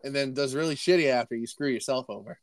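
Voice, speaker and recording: A man's voice: medium pitch, fast, no echo. Young man co-hosting a sports chat. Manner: rambling, joking, restarts and laughs. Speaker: podcast co-host.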